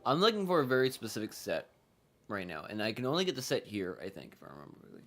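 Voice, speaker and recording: A man's voice: lowish voice, wildly swooping pitch, very fast, fairly bright tone. A man giving casual, rambling commentary as he plays a video game, repeating himself and swearing now and then. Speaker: gaming streamer.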